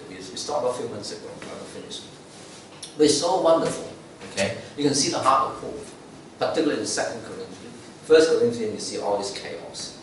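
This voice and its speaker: A man gives a sermon as a lay preacher in a church sanctuary, conversational in style and full of "okay?" and "right?" tag questions. His voice is medium in pitch. It's recorded with the mic far off in an echoey space, with slight background noise.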